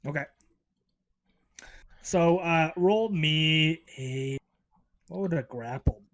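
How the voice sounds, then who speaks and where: A man narrating as game master in a tabletop role-playing session, talking with frequent pauses and fillers. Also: a little high. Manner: hesitant, many fillers.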